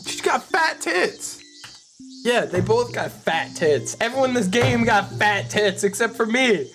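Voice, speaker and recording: Slow, lively-voiced man joking crudely. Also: very high-pitched, soft background music. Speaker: co-host of a game playthrough. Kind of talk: casual banter.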